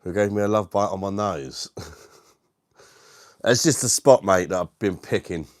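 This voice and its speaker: A man's voice: lowish voice, normal speed, no room sound, clean studio sound. A British man hosting a casual live stream from his dining room, greeting viewers and chatting in a laid-back way with frequent laughs. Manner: laid-back, laughs often, says mate a lot. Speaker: livestream host.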